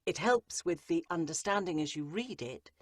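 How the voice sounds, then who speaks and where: In an interview, a woman who narrates and coaches audiobooks explains her craft, emphatically repeating phrases to drive points home. Her fairly low voice is expressive at a normal speed, recorded dry in clean studio sound.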